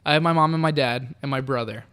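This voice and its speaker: Co-hosting a podcast, a young man from the American South talks fast in a medium-pitched, slightly bright, clean voice. He chats casually but rambles, hesitating often and filling the gaps with restarts and fillers.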